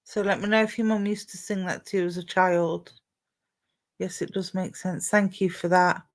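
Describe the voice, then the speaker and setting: A woman giving a live psychic card reading, her tone soft and reassuring as she speaks straight to the viewer. She keeps up a warm, comforting patter full of endearments while relaying messages to them. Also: lowish voice, fairly even intonation, normal speed. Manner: gentle, reassuring, calls listeners "my darling". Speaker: psychic medium.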